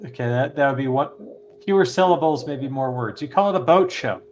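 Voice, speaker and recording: A man's voice: mid-range voice, a little fast, a little mellow, slight background noise, low-quality recording. Playful man quizzing his friends. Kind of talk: casual chat.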